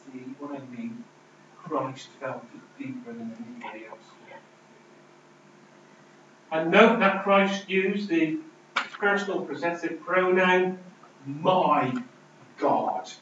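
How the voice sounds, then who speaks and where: A man preaching a sermon, emphatic, swinging between loud declarations and hushed lines. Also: fairly high pitch, fairly even intonation, slow pace, long pauses, slight background noise. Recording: distant, roomy, dull hall recording.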